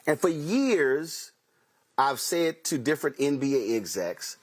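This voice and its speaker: Husky American man preaching a story. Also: medium pitch, sing-song, a little slow. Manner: preachy storytelling, acts out quoted exchanges. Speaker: host. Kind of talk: talk show monologue.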